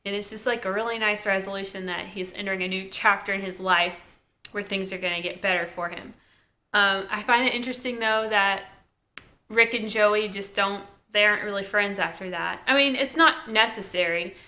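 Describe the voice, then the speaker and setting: Chatty Southern young woman, bright voice. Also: medium pitch, moderate pace. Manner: chatty, relaxed, lots of "like" and "kinda". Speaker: TV episode reviewer. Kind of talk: casual episode recap.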